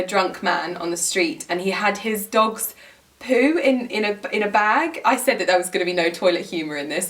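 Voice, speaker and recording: A woman's voice: medium pitch, distant mic. A young woman, talking to camera in a giggly, rambling vlog style with many fillers. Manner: giggly, rambling, heavy use of "like". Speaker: lifestyle vlogger. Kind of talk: chatty storytelling to camera.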